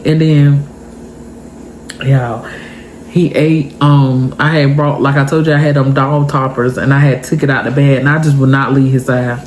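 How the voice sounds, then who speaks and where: Animated young woman telling a story. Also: very deep voice, moderate pace, a little hiss or hum. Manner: animated, emotional, talks to viewers directly. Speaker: vlogger. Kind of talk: casual storytime.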